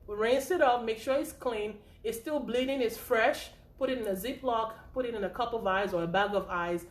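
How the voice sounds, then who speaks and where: Chatty woman teaching first aid, echoey room. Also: a little high. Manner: chatty, repeats points with frequent "okay?" and "right?". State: a little out of breath. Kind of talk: informal spoken lesson.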